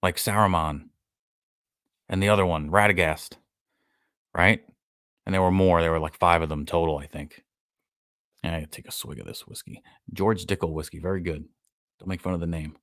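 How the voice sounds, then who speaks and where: A man's voice: low voice, fairly even intonation, normal speed, long pauses, a bit bright, no echo. A man hosting a casual live-stream podcast, breaking down a show with sarcasm and acting out characters' lines in a raised voice. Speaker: podcast host.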